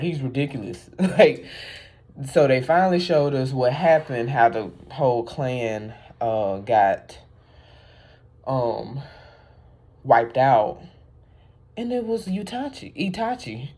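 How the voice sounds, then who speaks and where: A woman vlogger chatting casually about an anime, animated and rambling, with many fillers and laughs. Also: deep voice. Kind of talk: casual chat.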